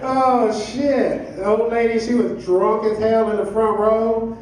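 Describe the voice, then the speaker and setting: Middle-aged guy doing crowd work at a comedy club, high voice, far off mic, loud echo. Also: noisy background. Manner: crowd work, loose and joking. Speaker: stand-up comedian. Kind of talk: live stand-up set. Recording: echoey club from a distance. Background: audience laughter.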